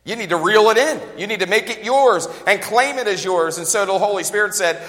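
A man preaching a sermon as a pastor, talking fast and joking in a conversational way, recorded with long hall reverb in a church. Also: high voice, sharp tone. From United States.

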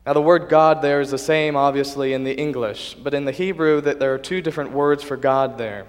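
A man delivers a sermon in an earnest, measured voice that sits at a middle pitch. His phrases come steadily, with the odd restart. The sound carries the long reverb of a church hall. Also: fairly even intonation. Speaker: preacher.

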